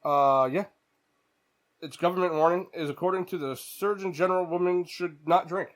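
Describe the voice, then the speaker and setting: A man with a voice a little above average pitch, co-hosting a casual sports chat over beers. He talks loosely, swears now and then and stumbles through fillers when reading aloud. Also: steady tone. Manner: loose, swears casually, reads beer labels haltingly. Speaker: podcast co-host.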